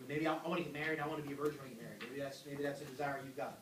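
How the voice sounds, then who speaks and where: Young male youth pastor, animated and joking, high voice, heard from afar. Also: very fast, few pauses, recorded from a distance, slight background noise. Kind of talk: youth sermon. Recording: echoey room, voice from afar.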